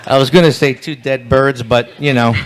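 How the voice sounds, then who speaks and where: A man's voice: mid-range voice, steady tone, normal speed, slight background noise. A man telling bawdy roast jokes at a live banquet event, rambling through setups and losing his place now and then. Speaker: roaster, emcee. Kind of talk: comedy roast joke-telling.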